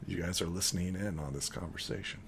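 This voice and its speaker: A man's voice: sits low, fast, a bit bright, a little hiss or hum. Rambling male game master. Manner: rambling, with many fillers. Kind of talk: narrating a tabletop game.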